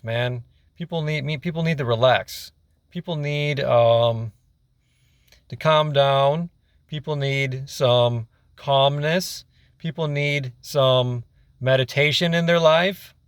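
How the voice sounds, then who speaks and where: A young man vlogs straight to camera in a mid-range voice, ranting casually, exasperated and rambling as he repeats himself and swears. The recording is dry and of studio quality.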